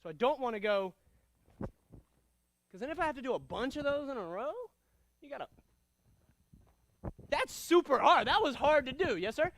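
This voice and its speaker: A man teaching a karate class, giving energetic commands and calling out drills and counts. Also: very high-pitched, normal speed, long pauses, a little hiss or hum. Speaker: karate instructor. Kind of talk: martial arts class instruction.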